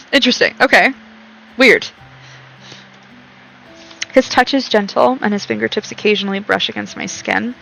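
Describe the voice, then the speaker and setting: A woman's voice: mid-range voice, big pitch swings, moderate pace, vocal fry, long pauses, fairly bright tone, soft background music, poor audio. A young woman streaming a game, reading its text aloud and breaking off into chatty, rambling commentary with frequent laughs.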